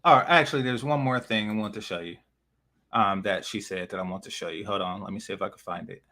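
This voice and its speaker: A man's voice: fairly low pitch, fast, pushed and bright. A man hosting a reaction commentary, mocking and repetitive with plenty of profanity. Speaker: commentary channel host.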